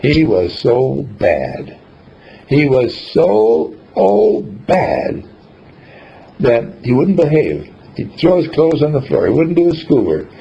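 A man giving a motivational talk, telling a story in an animated way and acting out the scenes. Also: mid-range voice, gravelly. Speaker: speaker. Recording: dull lo-fi recording, faint hiss.

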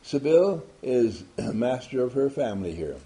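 A man's voice: medium pitch, big pitch swings, normal speed, dark tone. A man giving an emphatic motivational talk to a group, asking many rhetorical questions. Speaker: motivational speaker.

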